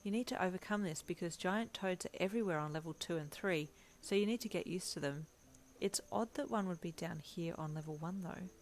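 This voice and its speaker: Woman voicing a shy, soft young swordsman. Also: lowish voice, a little fast, slight background noise, natural voice. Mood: gentle. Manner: quiet, hesitant, reassuring.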